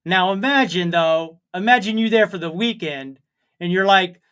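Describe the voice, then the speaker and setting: A man's voice: high-pitched, a little fast, fairly bright tone, clear, resonant tone. Rambling jokey man reading chat. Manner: rambling, jokey and self-mocking. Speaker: co-host of a comedy livestream. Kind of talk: casual chat reading viewer comments.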